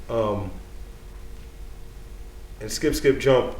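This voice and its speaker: A man's voice: mid-range voice, moderate pace, echoey room, slight background noise. A man in his thirties, a dean of students, telling a personal story live in a casual, streetwise way, full of "you know".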